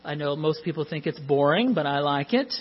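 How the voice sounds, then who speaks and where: A man's voice: a little high, expressive, fairly quick, breathy edge, dull audio. A man in his fifties preaching a sermon in a church, speaking chattily and informally with many fillers. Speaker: pastor. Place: church sanctuary.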